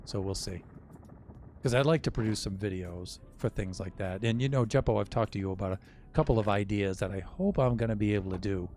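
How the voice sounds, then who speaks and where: A man's voice: on the low side, a little fast, darkish tone, slight background noise. An older man streaming a game, chatting in a rambling, wry way with self-mocking asides. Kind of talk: casual gameplay chat.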